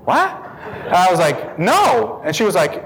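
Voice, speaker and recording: A man giving a personal testimony as an animated story, laughing often and calling people "man". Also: a little high, fast talker, low-quality recording. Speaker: speaker telling a conversion story.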